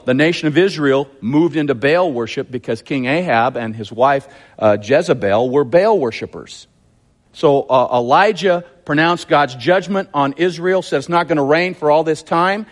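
A man preaching a sermon, retelling a scripture story with lively, acted-out quotes. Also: mid-range voice. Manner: animated, acts out quotes in a raised voice. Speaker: pastor.

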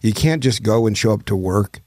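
A man's voice: fairly low pitch, lively intonation, normal speed, darkish tone, dry recording, clean studio sound. A man hosting a podcast, talking casually with an encouraging, coach-like manner. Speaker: podcast host.

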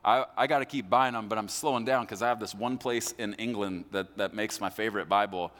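A man's voice: on the low side, a little fast, fairly bright tone. A man pastor giving a conversational sermon, acting out listeners' voices, recorded live in a church hall. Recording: live hall with long reverb.

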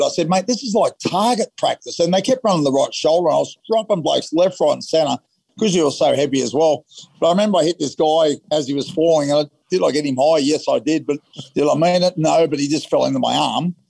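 A man's voice: fairly high pitch, a little fast, vocal fry, darkish tone, husky, no echo. An Australian man and former rugby league player, telling rambling anecdotes in an interview and acting out the quotes. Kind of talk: casual interview storytelling.

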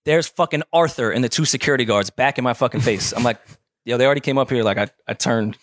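A man telling a story in casual chat, animated and profane, acting out the people in it. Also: mid-range voice, fast, no echo, clean studio sound.

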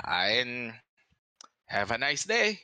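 A man's voice: mid-range voice, huge pitch swings, drawn-out words, sharp tone, no room sound, exaggerated voice. A man voicing a polite, cryptic male shopkeeper in a tabletop game. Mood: courteous. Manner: polite, formal farewells.

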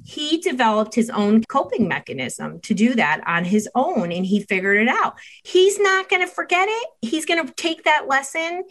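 A woman's voice: high-pitched, normal speed, hardly any pauses. A middle-aged woman, a child mental health expert, talking in a podcast interview and acting out family conversations as she tells them. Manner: animated storytelling, acting out dialogue.

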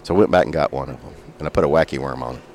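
A middle-aged man, a fishing guide who makes flies, telling a lively story in a casual interview and making sound effects as he talks. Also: very deep voice, rapid-fire, a little hiss or hum. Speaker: fishing guide and fly maker.

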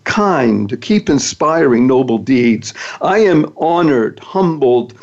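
A man's voice: medium pitch, expressive, takes it slowly, a little mellow, highs cut off. A man hosting a podcast, giving an upbeat, emphatic motivational talk that builds up to introducing his guest. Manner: upbeat, emphatic, playful acronyms. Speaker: podcast host.

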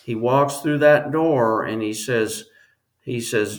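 Guy on a podcast telling his own story, earnest, kinda halting, keeps restarting. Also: medium pitch. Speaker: interview guest. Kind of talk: personal storytelling in a podcast interview.

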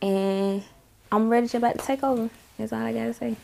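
A woman's voice: on the high side, fairly even intonation, fairly quick, gravelly, very noisy. A young woman rapper talking in a casual interview, telling stories in a laid-back way with slang and laughter.

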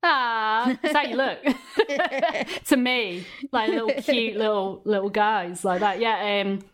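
A woman's voice: a little high, slow pace, a bit bright. A woman comedian chatting as a podcast guest, giggly and rambling, full of fillers. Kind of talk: casual chat.

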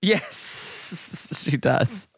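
A man hosting a podcast in casual chat, giggly and quick to agree. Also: fairly high pitch, expressive, fairly bright tone. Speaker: podcast host.

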